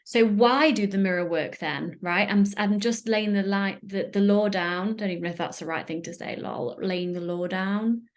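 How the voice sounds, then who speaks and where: A woman's voice: mid-range voice, moderate pace, few pauses. A woman with a British accent hosting a solo podcast, talking earnestly and emotionally, often searching for words. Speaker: podcast host. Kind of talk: candid solo podcast talk.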